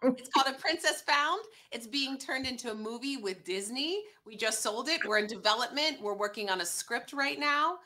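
A woman who is a guest on an interview show, telling her personal story in an earnest, animated way. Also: high voice, normal speed, few pauses, slight background noise.

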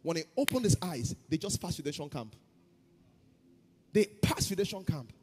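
Husky-voiced pastor preaching. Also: male voice, on the high side, very animated, moderate pace, long reverb tail. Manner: swings from loud chanted prayer to quiet storytelling. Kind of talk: sermon. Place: church hall.

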